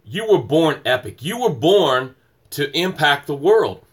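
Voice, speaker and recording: A man's voice: fairly high pitch, big pitch swings, a little slow, breathy edge. A middle-aged man hosting a motivational morning livestream, speaking in an emphatic, rhythmic preaching cadence and greeting viewers by name.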